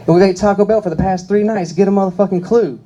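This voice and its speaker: A man's voice: sits high, steady tone, fast talker, mellow, lo-fi sound, voice pushed up, natural voice. A man voicing a blunt, exasperated grandmother who scolds. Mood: scolding.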